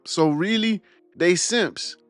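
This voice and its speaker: A man's voice: high voice, slow, no room sound, soft background music. A young man hosting a reaction video, giving blunt, preachy and mocking commentary.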